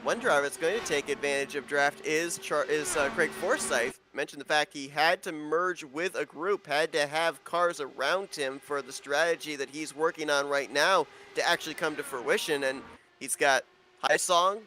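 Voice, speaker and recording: Bright-voiced male race commentator. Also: a little high, moderate pace, slight background noise. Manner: conversational, with frequent fillers. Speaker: play-by-play commentator. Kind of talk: live racing commentary.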